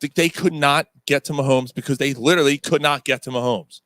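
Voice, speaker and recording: A man's voice: medium pitch, steady tone, a little fast, fairly bright tone, no echo. Blunt, rambling male sports podcaster. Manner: profane, rambling, opinionated. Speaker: podcast co-host. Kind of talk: casual sports chat.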